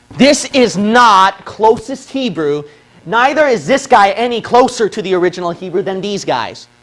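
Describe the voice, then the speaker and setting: A man from the Philippines lectures in a high, light voice. He argues his case step by step and keeps checking in with "okay?" after each point. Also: fairly bright tone. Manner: argumentative, repeats points with "okay?". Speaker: religious video presenter. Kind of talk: lecture on a whiteboard.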